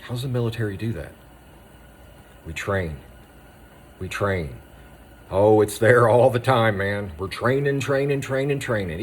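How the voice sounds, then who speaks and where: A man, an Army veteran, gives a raw spoken monologue, hammering short phrases with intensity and often dropping to a hushed voice. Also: mid-range voice, a little hiss or hum. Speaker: Army veteran speaking on moral injury.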